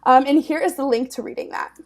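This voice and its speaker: A young woman in her twenties leads a training webinar in an upbeat, casual way, her high voice sitting well above most women's. She talks loosely, leaning on fillers and breaking into quick laughs as she explains. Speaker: network manager presenting a training webinar.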